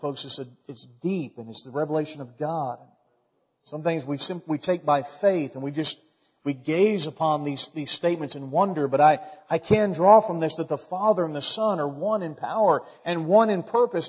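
A man preaching a sermon as a pastor, in a folksy way that climbs to loud, emphatic peaks. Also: on the high side, normal speed, husky. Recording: dull recording with long hall reverb.

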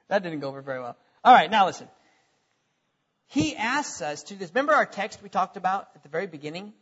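A male pastor preaching a sermon, animated, firing off rhetorical questions and chuckling at his own jokes. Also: sits high, husky, dull audio.

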